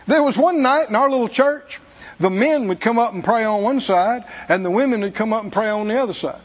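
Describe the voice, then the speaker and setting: A man preaching, telling a self-mocking personal story in an animated way. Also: sits high, a little fast, big-room sound, muffled recording. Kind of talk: testimony sermon. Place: church.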